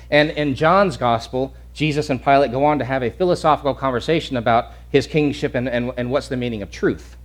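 A male pastor preaching a sermon in an earnest, emphatic way, often restarting and repeating words. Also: mid-range voice.

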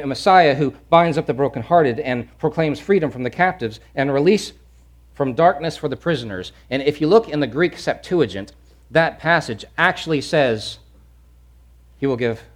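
A preacher from Louisiana delivers an animated sermon with emphatic repetitions. His voice sits a touch high for a man and swings widely in pitch. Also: moderate pace. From Louisiana, USA.

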